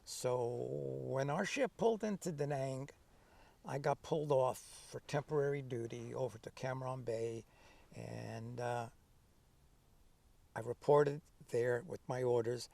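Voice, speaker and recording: A veteran in his seventies, appearing as an interview guest, tells stories in a relaxed, conversational way with a gravelly, mid-range voice. He speaks a little slowly but keeps things lively, acting out what people in his memories said. The recording is dry and he sits somewhat distant from the mic.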